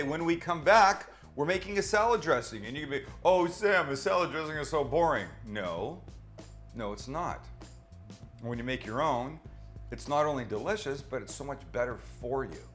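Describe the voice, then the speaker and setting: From a home kitchen with low ceilings, a middle-aged man gives a casual cooking demonstration in a mid-range, slightly bright voice. He chats and teases, answering his own questions, occasionally bringing his handheld mic close.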